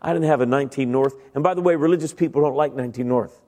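Delivering a funny sermon in a big church sanctuary, a middle-aged man of Italian-American background acts out voices, doing stammering impressions and poking fun at himself as he tells his story. He talks rapid-fire in a darkish, mid-range voice that fills the large hall.

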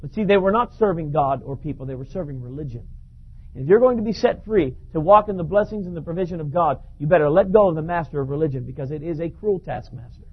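A man preaching a sermon, telling a story in an animated way and often repeating words. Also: on the high side, fast, slightly rough. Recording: dull lo-fi recording.

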